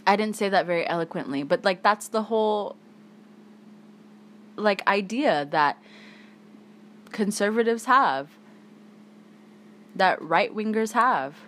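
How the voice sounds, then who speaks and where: A woman's voice: mid-range voice, expressive, slow pace, long pauses, fairly bright tone. Woman, podcast host, angry, emphatic, swearing, tired. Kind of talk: solo podcast monologue.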